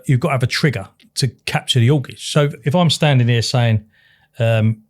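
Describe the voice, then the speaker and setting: A man's voice: mid-range voice, a little mellow. A man hosting a casual podcast chat, rambling and explaining through examples.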